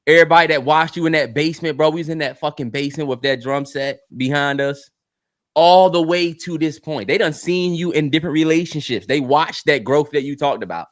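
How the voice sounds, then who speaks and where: A man co-hosting a podcast in casual chat, animated and heartfelt, swearing freely and getting teary. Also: fairly high pitch, fairly quick. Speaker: podcast co-host.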